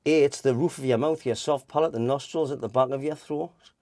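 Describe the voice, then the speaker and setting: A man's voice: medium pitch, brisk, warm tone, no room sound. A man giving an informal voice lesson, rambling and restarting as he explains and demonstrates vowel sounds. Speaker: voice teacher.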